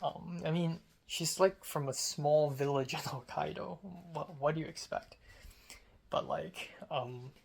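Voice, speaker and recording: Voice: medium pitch, steady tone, a little slow, creaky, slightly rough. A young adult from Hong Kong who works as a script supervisor, talking casually and candidly and filling the talk with "like" and "um". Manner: chatty and candid, heavy use of "like" and "um". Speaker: script supervisor on a student film set. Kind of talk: casual storytelling vlog.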